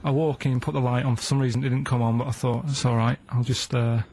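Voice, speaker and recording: A man telling a comic story in a flat, matter-of-fact way as a regular co-host on a podcast. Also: medium pitch, quick pace. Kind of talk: deadpan comic anecdote.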